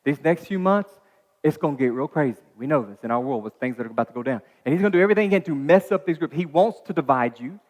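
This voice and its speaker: A man preaching as a pastor in a dark church auditorium, telling a personal story in a chatty, animated way with many asides and restarts. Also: on the high side, fast, in a large hall. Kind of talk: sermon.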